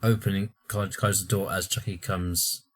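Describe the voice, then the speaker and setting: Chill guy, very deep voice, casual movie chat. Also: level tone, moderate pace. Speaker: podcast co-host.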